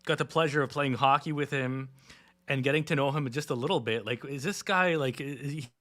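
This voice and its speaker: Bright-voiced man hosting an interview. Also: medium pitch, fairly quick. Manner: stammering, repeats words as he thinks. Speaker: interview host. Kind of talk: casual interview chat.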